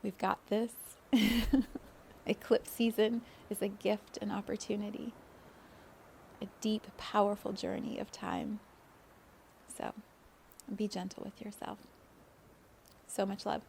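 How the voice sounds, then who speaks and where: A woman hosting a spiritual podcast, talking in a gentle, flowing way and laughing often. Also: medium pitch, animated, slow, vocal fry, pauses often, a little hiss or hum. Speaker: podcast host, spiritual guide.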